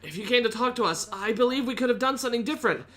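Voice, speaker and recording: A woman voicing an earnest teenage boy in a visual novel reading, pleading with a friend and at times shouting. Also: fairly high pitch, lively intonation, rapid-fire, pitched above the performer's own voice.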